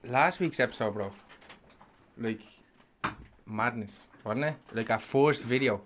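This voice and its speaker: A man co-hosting a casual podcast, delivering jokes in a slow, mock-serious manner. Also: mid-range voice, background noise. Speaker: podcast co-host. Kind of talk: casual banter.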